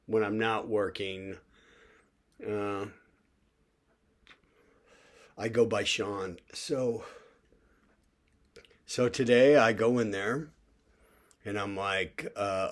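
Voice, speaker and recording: A man's voice: lowish voice, steady tone, slow pace, pauses often. Rambling older man, chatty vlog. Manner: rambling, chatty, full of fillers. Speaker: vlogger. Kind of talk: casual vlog monologue.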